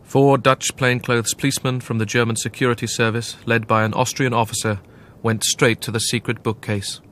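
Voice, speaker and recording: A man narrating a documentary in a measured, grave scripted delivery. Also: medium pitch, flat delivery, fairly bright tone, a little hiss or hum.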